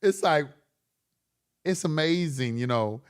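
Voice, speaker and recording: A man's voice: a little high, lively intonation, slow pace, clear, resonant tone. A middle-aged man hosting a late-night livestream, talking bluntly and profanely in a preachy way that rises to impassioned. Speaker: online course host.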